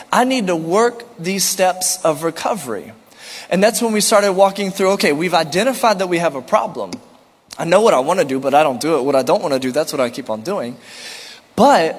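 A man's voice: high-pitched, breathy edge, long reverb tail. A man preaching a sermon as pastor, earnest and repetitive, asking rhetorical questions and slipping in light jokes.

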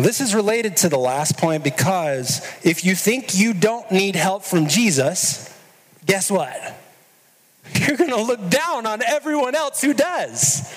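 Male pastor, sermon, earnest, unhurried delivery, long echo of a big hall. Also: sits high, expressive. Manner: earnest, questioning the listeners directly.

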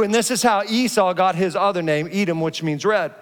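A middle-aged man preaching a sermon, animated, acting out his stories with frequent restarts. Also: sits high, fairly quick. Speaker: pastor. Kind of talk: sermon with personal storytelling. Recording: long reverb from a large hall.

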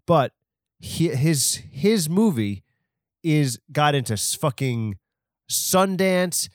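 A man's voice: on the high side, sing-song, slow, dry recording, clean studio sound. Rambling, crude male podcast host. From half Hispanic. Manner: rambling, crude, self-deprecating, lots of fillers and restarts. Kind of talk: casual solo podcast rambling.

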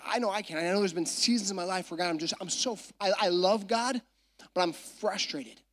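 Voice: mid-range voice, a little fast. A pastor preaching a sermon from a church stage, talking in a chatty storytelling way with frequent asides to the audience.

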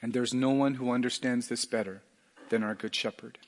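A middle-aged male pastor preaching a sermon earnestly, dropping to a hush and then rising to loud emphatic lines. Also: medium pitch, fairly even intonation, brisk, big-room sound.

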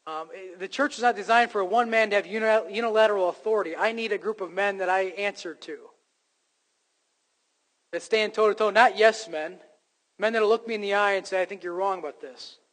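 A man delivers a sermon from the pulpit, emphatic and earnest, slipping in wry jokes at his own expense. His voice sits fairly high for a man. The sound rings with the long reverb of a church sanctuary. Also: steady tone, fairly quick, a bit bright. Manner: emphatic preaching with self-deprecating jokes. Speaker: pastor.

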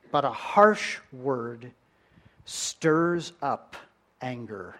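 Slow-speaking preacher man. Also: fairly high pitch. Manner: animated storytelling with swings in loudness. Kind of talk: sermon.

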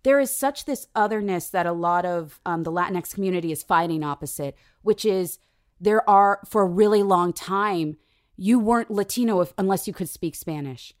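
A woman from San Diego, a guest actor talking in a casual conversation, earnest and reflective with animated asides. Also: lowish voice, moderate pace. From San Diego, USA.

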